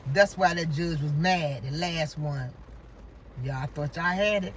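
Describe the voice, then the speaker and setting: A woman's voice: sits low, a little slow, slight background noise. A woman telling a story in a casual vlog rant, acting out quoted dialogue and exclaiming about God. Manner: animated, acts out quoted dialogue, religious exclamations. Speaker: vlogger. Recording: voice from far off the mic.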